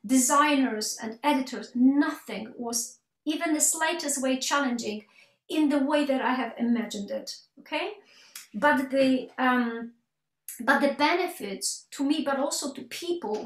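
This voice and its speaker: High-voiced woman telling a story in an echoey room. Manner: animated, acts out quoted dialogue, frequent restarts. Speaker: keynote speaker. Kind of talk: webinar talk with storytelling.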